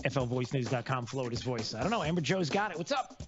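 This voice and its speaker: A man hosting a live radio talk show in a mid-pitched voice that rambles through fillers and now and then bursts out loud. The broadcast sound is a little dull. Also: animated, fast talker, music in the background. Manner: rambling with many fillers, sudden loud outbursts.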